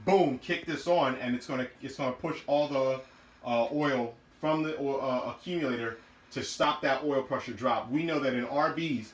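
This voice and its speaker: A man's voice: mid-range voice, fairly bright tone, roomy sound, poor audio. A man casually showing car parts in his garage, talking loosely with many fillers and restarts. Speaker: car build vlogger.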